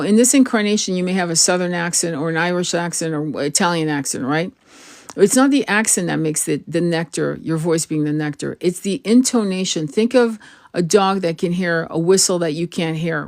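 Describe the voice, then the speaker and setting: A woman's voice: on the low side, darkish tone, no echo, clean studio sound. A woman tarot reader giving an earnest spiritual advice monologue, frank and casual, swearing now and then and often restarting her phrases.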